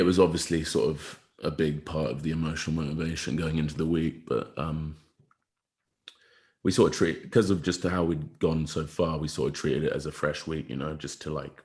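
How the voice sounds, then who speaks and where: A man, a rugby player co-hosting a podcast, chatting casually in a rambling, slangy way. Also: very deep voice. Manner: rambling, laughs often, slangy. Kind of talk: casual chat.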